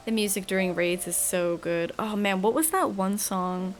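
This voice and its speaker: A woman streamer talks casually over her game, rambling and joking at her own expense. Her pitch sits in a middle range, and faint music plays underneath. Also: fairly even intonation, moderate pace. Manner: rambling and self-mocking, reading game dialogue aloud. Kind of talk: casual gameplay commentary.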